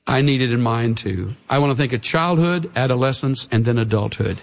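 A middle-aged man preaching a sermon as pastor, earnest and pleading, his voice swinging from raised highs down to hushed lows. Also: fairly quick, gravelly.

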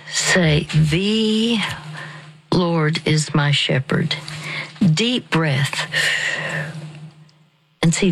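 Soft-spoken, slow woman counselor. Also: low voice, creaky, a little hiss or hum, poor audio. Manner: hesitant, halting with many fillers. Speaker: Christian counselor. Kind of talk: slow, soothing counseling on a call-in show.

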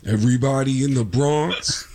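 A man impersonating a brash loud male New Yorker. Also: medium pitch, normal speed, close to an everyday voice. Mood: mocking. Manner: loud, drawling celebrity impression.

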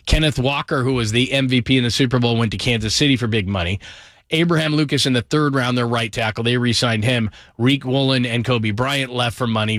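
A middle-aged man delivers a fired-up football talk monologue, hammering his points with emphatic repeats and quick asides. His voice sits in an ordinary middle register. The recording is dry and close, with no room sound. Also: mid-range voice, a bit bright, dry recording. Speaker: football commentator.

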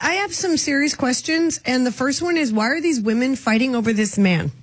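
A woman hosting a radio show, talking fast and emphatically in a studio. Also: high voice, very noisy. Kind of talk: radio prank call segment and chat.

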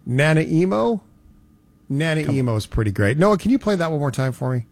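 Animated male radio host. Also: mid-range voice, fast talker. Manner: playful, animated storytelling. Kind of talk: casual radio banter.

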